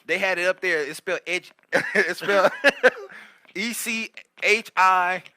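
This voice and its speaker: Man, co-host, casual comedy chat, profane, laughing, high bright voice. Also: a little slow, no echo, studio quality.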